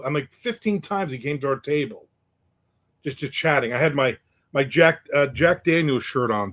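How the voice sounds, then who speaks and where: Speaking in a slightly high, somewhat bright voice, a middle-aged livestream host chats casually about his weekend. Along the way he reads comments from viewers aloud.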